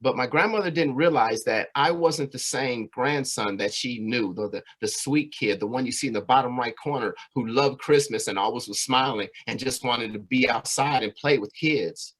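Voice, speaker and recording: A man speaks at a community presentation, telling his own life story in an earnest, conversational way. His voice sits at a middle pitch, and he keeps turning to the listeners with little asides. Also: normal speed, few pauses, a bit bright. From California. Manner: earnest, conversational, frequent "right?" and "you know".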